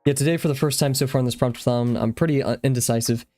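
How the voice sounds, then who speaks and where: A young man talks loosely to his viewers on a drawing stream, out of breath from exercise. He rambles and drifts off track as he speaks, with faint music playing softly behind him. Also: medium pitch, fairly even intonation, fast. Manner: rambling, easily distracted. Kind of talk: casual live-stream chat.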